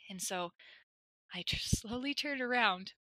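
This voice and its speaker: A young woman co-hosting a podcast, telling a story in a casual chat, animated and laughing, with lots of "like". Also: a little high, measured pace, no echo. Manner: animated, laughing, says "like" often.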